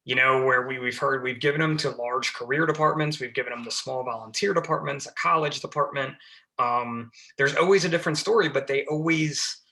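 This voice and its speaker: Man, podcast guest, firefighter, chatty, frequent fillers, very bright forceful voice. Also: mid-range voice, brisk. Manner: chatty, many fillers and restarts. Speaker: guest, fire lieutenant. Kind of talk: casual podcast interview.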